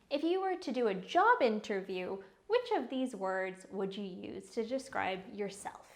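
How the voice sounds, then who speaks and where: A woman teaching English vocabulary, saying each word slowly and clearly several times before explaining it. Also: medium pitch. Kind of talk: slow vocabulary lesson with repeated pronunciations.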